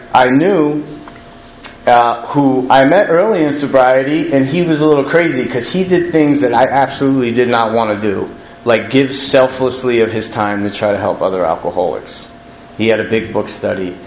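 Middle-aged man, plain-spoken recovery testimony, candid and self-mocking; roomy echo, faint hum behind. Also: mid-range voice. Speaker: recovering alcoholic sharing his story. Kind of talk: personal testimony. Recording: echoey room with faint ambient noise.

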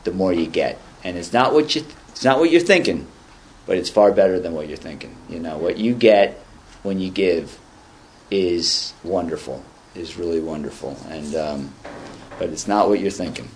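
At a recovery meeting in a meeting room, a man in his fifties reads passages aloud and comments on them in a casual, rambling share full of dry jokes at his own expense. His voice is low, expressive and a little mellow, at a normal pace, over a slight hiss or hum.

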